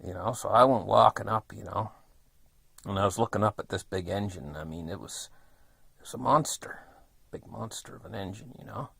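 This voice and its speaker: A man's voice: on the low side, moderate pace, creaky, a bit bright, slightly rough, no room sound. A man in his fifties telling a long childhood story in a rambling, folksy way, with many fillers. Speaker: vlogger. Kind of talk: casual storytelling.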